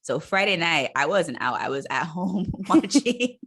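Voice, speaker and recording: A woman, a comedian guest on a video call, telling a story in a casual, animated way. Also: on the low side, a little slow, breathy edge. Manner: animated storyteller, acts out quoted voices.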